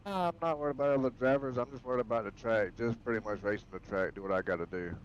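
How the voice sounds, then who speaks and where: A man's voice: medium pitch, fast, dull audio, a little hiss or hum. A man answering a race host's questions as the pole-sitting sim driver, laid-back and brief. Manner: laid-back, short replies.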